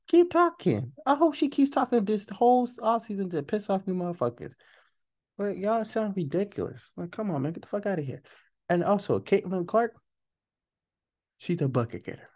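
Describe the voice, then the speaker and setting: A woman's voice: fairly low pitch, mellow. A woman podcast host, ranting about sports in a casual, profane, emphatic way and firing off rhetorical questions.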